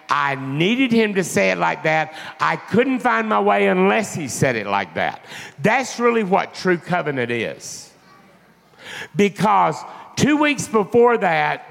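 Gravelly, animated male preacher. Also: a little high, big-room sound. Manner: emotional storytelling, animated. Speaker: pastor. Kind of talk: sermon.

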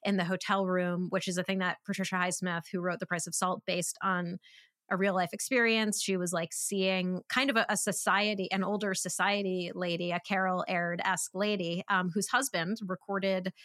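A woman co-hosts a relaxed podcast chat about a film, her talk full of "like" and "um" as she restarts her sentences. The sound is dry and close. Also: on the low side, normal speed, no echo. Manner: chatty, many fillers and restarts. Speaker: podcast co-host. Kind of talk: casual film discussion.

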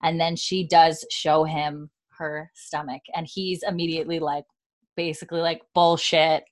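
Chatty woman recapping scenes, slightly low voice. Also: flat delivery, normal speed. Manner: chatty storyteller, retells scenes with lots of "like" and swearing. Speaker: podcast host. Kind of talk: casual recap chat.

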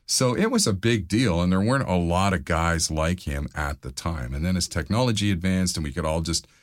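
A middle-aged man, a former radio DJ and voiceover artist, telling stories in a casual interview with lively acted-out quotes. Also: a little fast, no echo, studio quality. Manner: animated anecdotes, acts out quotes with big pitch jumps.

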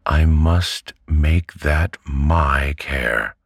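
A man's voice: rumbling low, drawn-out words, husky, no echo, studio quality, pitched above the performer's own voice, heavily acted. A man voicing a domineering elderly aunt in a storybook reading. She speaks in curt, commanding, impatient sentences. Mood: stern. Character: stern, brisk elderly aunt, domineering and abrupt.

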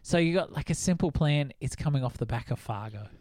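A man's voice: a little high, animated, a little fast, a little mellow, no room sound. Male podcast host, casual film talk, hesitant musing delivery, dry mic.

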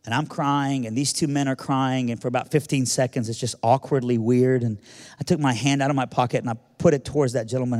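Earnest American male speaker, mid-pitched, telling a story to a room with a long, echoing tail. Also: fairly even intonation, a little fast, a little mellow. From United States. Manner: earnest, vivid retelling with repetitions. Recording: long reverb of a large hall.

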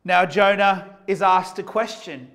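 A man with a high voice preaching a sermon. He moves from soft, reflective questions to loud, emphatic calls. His delivery has the rhythm of a pulpit message. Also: measured pace.

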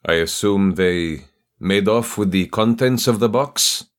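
A man voicing a cold, menacing Russian mobster who speaks slowly. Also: on the low side, close to an everyday voice.

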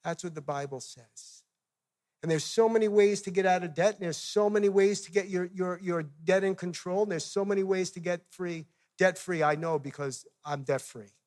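High-voiced man preaching a sermon. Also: normal speed, a little mellow. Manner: conversational, direct questions to the audience. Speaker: missionary preacher. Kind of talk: sermon with personal stories.

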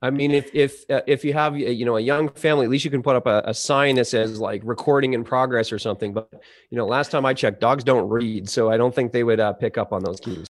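In a conversational podcast interview, a man who works as an audio engineer explains voice-over work. He has a mid-range voice and talks fast, rambling with many fillers and restarts.

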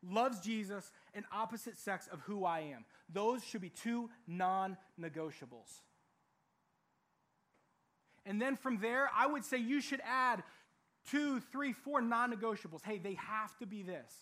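A young man preaching a sermon in a lively, animated way, acting out what people say. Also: high-pitched, measured pace. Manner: animated, acts out quoted voices. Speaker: youth pastor.

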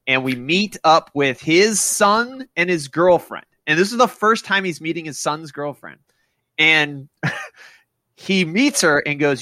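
A man with a slightly high, bright voice chats casually as a podcast co-host. He tells stories and moves the talk along with easy laughter. The sound is close and dry, with no room echo. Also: lively intonation, measured pace. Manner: laughing storyteller, leads the segments. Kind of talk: casual chat.

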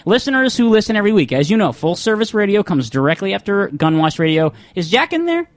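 A man's voice: high voice, very animated, fast talker, no room sound. Rambling casual male radio host. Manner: rambling, swears casually, drifting volume. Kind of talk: loose casual radio banter.

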